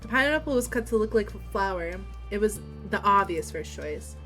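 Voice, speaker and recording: A woman's voice: mid-range voice, normal speed, faint music behind. Giggly young woman streaming a game. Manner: giggly, swears, reads dialogue in a quieter steady voice. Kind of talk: livestream game playthrough, reading story text aloud.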